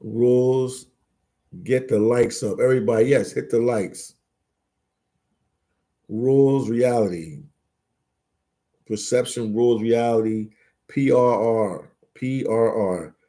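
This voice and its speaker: A man's voice: mid-range voice, slow, long pauses, mellow. A man hosting a casual live stream, reading chat aloud and bantering, repeating words and phrases as he goes. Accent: Philadelphia.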